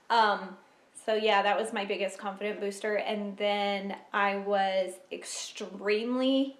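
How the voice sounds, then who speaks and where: A young woman vlogger chatting casually to camera at home, emotional and quick to laugh. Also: mid-range voice. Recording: echoey room.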